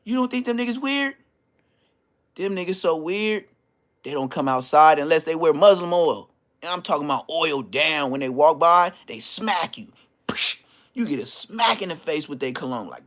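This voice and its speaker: Slangy storytelling man, slightly high. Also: moderate pace. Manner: slangy, animated, frequent restarts. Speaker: podcast guest. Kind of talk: casual storytelling.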